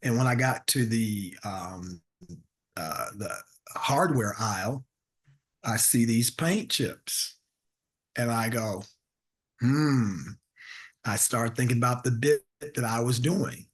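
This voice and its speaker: A man's voice: medium pitch, slow pace. Man telling a comic story. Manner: animated, acts out voices of people in his stories; self-deprecating. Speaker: comedian guest.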